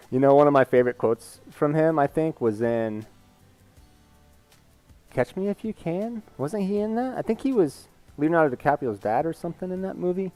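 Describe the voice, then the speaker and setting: A man's voice: a little high, animated, normal speed, dark tone, dry recording, faint music behind. Rambling candid male streamer. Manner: rambling, candid, reads chat aloud. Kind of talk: casual live-stream chat.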